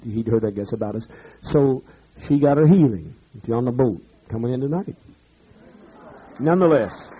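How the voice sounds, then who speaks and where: A man, a pastor, berating his congregation in a profane rant, swinging from shouting to muttering. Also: mid-range voice, husky, dull audio. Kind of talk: ranting address to his congregation.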